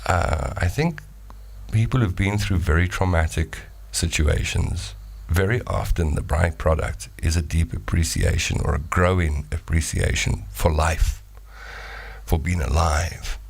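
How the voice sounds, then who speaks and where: Talk show host, man, middle-aged, playful, deep fry-laden voice. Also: a little slow. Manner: lively and playful, reading voice notes. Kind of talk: live talk show chat.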